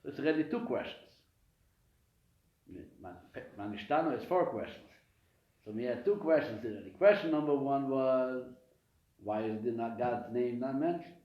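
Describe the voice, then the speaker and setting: Teaching his weekly Torah class live, a rabbi animatedly raises questions and answers them himself, restarting frequently. He has a medium-pitched voice at a moderate pace, recorded in an echoey room with a dull lo-fi sound.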